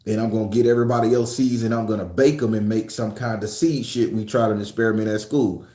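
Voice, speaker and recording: A man in his forties telling a profane, comic personal story, acting out voices and breaking into shouts. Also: on the low side, fast, roomy sound. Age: 40s. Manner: animated, profane, acts out voices with bursts of shouting.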